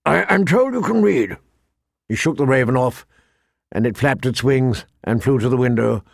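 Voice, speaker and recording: A man narrates a fantasy audiobook steadily and deliberately in a medium-pitched voice. The recording is clean studio sound with no room sound.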